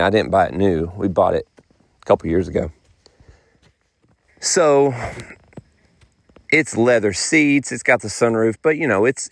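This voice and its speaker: A man's voice: on the low side, no room sound. A middle-aged man, rambling through a casual podcast monologue in folksy phrasing. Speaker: podcast host.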